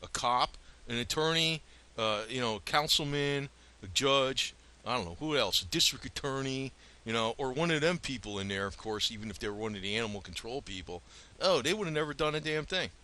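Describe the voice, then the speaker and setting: A man's voice: medium pitch, lively intonation, fairly quick, sharp tone. A man ranting angrily in a home vlog, profane and rambling, swinging between outbursts and muttered asides. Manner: profane, heated, rambling rant. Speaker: vlogger.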